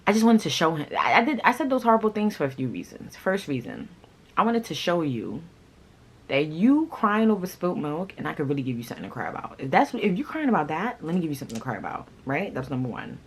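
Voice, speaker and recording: A woman vlogger telling a personal story in a casual, blunt, animated way, swearing freely. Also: deep voice, fast talker, husky, low-quality recording.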